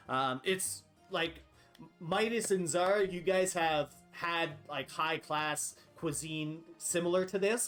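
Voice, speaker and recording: A man's voice: fairly high pitch, fairly bright tone. Chatty male game master. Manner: chatty, many fillers, laughs often. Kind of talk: narrating a tabletop game.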